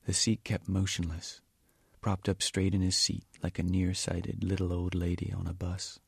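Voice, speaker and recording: A man reading from his novel in a measured, quiet way, at times almost whispering. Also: deep voice, flat delivery, gravelly, husky, no room sound, studio quality. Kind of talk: audiobook-style reading.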